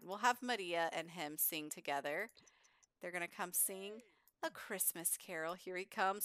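A woman's voice: fairly low pitch, fairly bright tone, smooth, no room sound, studio quality. A woman giving chatty, giggly gameplay commentary as a gaming YouTuber.

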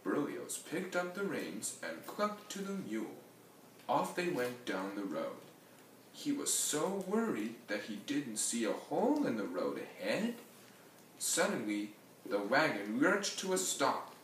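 A man reads a picture book aloud at an unhurried pace, his pitch rising and falling with the story. He sits away from the mic in an echoey room with a faint hum of ambience behind him. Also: recorded from a distance. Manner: slow, lively storybook delivery with sound effects. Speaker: reader.

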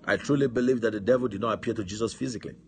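Low-voiced fervent male preacher. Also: rapid-fire, soft background music. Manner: fervent preaching, punctuated by amen and hallelujah. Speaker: pastor. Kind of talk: sermon.

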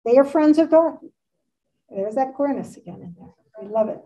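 Her voice is high-pitched and warm, with lively intonation and a fairly quick pace. She's in her sixties, giving an informal art history lecture in a community center meeting room, enthusiastic, chatty, and fond of asides, recorded distantly in a dull room.

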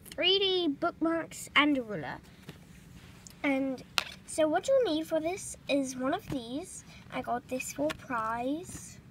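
High-pitched female voice, slow unhurried delivery, casual craft how-to, whispery asides, faint background hiss. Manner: chatty, drops into whispered asides. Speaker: craft tutorial creator. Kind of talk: casual DIY tutorial chat.

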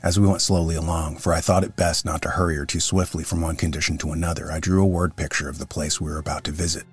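A man narrating a classic story as an audiobook, in a measured, earnest reading. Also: very deep voice, level tone, faint music behind.

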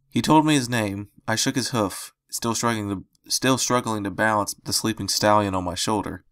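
Male narrator reading fan fiction, lowish and smooth, dry close mic, steady first-person storytelling. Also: a little fast, no echo.

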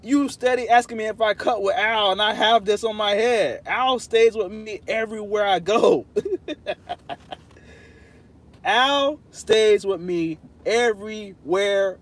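Man chatting playfully to his live viewers. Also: sits high. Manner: talks straight to viewers, playful and insistent. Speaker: channel host talking to live chat. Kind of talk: casual livestream chat.

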